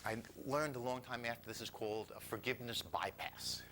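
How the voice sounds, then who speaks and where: An older man telling a personal story to an audience. He is animated and self-mocking, and he drops into whispers for quoted lines. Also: medium pitch, a little fast, background noise.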